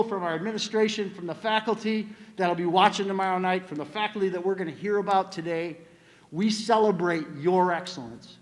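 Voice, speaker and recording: Older man giving a hall speech. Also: sits high. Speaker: school administrator giving a speech. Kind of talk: ceremony speech.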